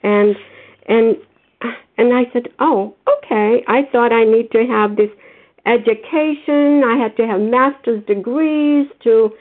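A woman's voice: on the high side, steady tone, a little slow. A woman calling in to a recovery meeting, sharing earnestly and gratefully, slipping into livelier voices when she quotes others. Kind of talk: phone-in recovery meeting share. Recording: tinny phone line.

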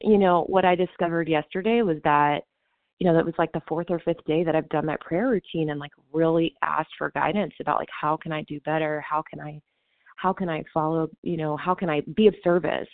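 A woman's voice: low voice, fairly even intonation, fairly quick, no echo. A woman sharing at a support meeting, casual and full of fillers like "you know". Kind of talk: personal recovery share. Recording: tinny phone-like call audio.

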